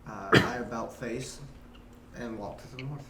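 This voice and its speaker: A man's voice: mid-range voice, steady tone, measured pace, roomy sound, a crowd in the background. A man playing a tabletop game, talking in a blunt, joking way. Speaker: player. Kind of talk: casual in-character game talk.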